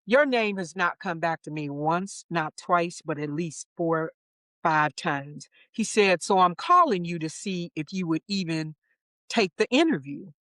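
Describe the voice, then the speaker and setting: A middle-aged woman guest in an interview, telling stories about her career with a lively manner. She laughs easily and acts out what others said. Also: on the low side, a little slow, dry recording. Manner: lively anecdotes, acts out quoted voices. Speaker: interview guest, wardrobe supervisor. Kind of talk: casual storytelling interview.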